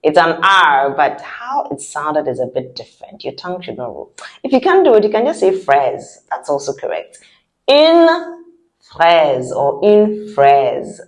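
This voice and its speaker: A woman teaching French vocabulary, saying each word slowly and lifting her voice on the articles. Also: sing-song. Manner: slow drawn-out model words with high lifted articles. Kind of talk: repeat-after-me vocabulary lesson.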